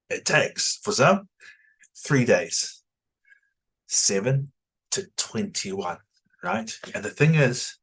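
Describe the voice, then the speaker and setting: A man who is a trained language teacher, promoting his pronunciation course in a lively way, often tagging his points with "right?". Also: mid-range voice, husky. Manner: animated, rhetorical "right?" tags.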